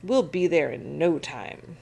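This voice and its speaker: A laid-back storybook cat captain, cheerful and unflappable, put on by a woman reading aloud. His lines come slow and lively with a slight gravel. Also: deep voice, full character voice. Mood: upbeat. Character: cool easygoing cat ship captain, male.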